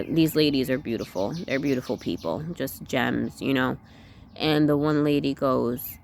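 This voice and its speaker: A woman's voice: a bass voice, vocal fry, slight background noise. A woman talking through her thoughts in a candid, self-questioning personal vlog, often checking in with "you know what I'm saying.". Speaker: vlogger. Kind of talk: reflective personal vlog monologue.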